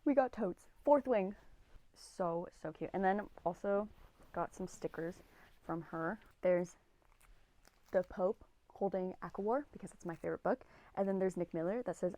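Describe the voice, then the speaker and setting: A woman in her twenties co-hosting a podcast, chatting casually on her own in a gushing, excitable and rambling way. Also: fairly low pitch, unhurried, no echo. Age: 20s. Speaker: podcast co-host. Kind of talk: casual solo podcast chat.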